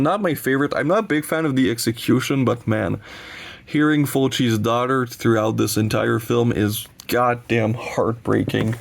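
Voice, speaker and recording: A man's voice: mid-range voice, gravelly. A man with a sniffly voice from allergies, rambling casually and enthusiastically through his film collection, swearing when he gets heated. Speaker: horror film collector and channel host. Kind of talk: casual collection showcase vlog.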